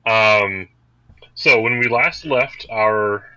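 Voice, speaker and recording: A man's voice: lowish voice, very slow, sharp tone, dry recording, poor audio. A man running an online tabletop game as game master, talking in a wry, joking way over a computer mic on a voice call.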